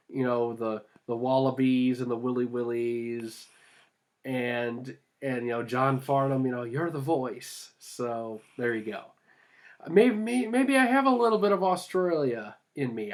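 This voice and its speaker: Casting note: ailing man, casual Q&A vlogger, rambling, halting, mid-pitched. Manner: rambling, full of fillers and restarts. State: ill. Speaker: vlogger answering viewer questions. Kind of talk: casual Q&A vlog. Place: at home with cats.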